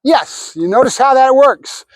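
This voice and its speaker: High-voiced dog trainer, dry close sound. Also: male voice, lively intonation, measured pace, no room sound. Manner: explains while giving the dog short praise cues. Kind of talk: hands-on training demonstration.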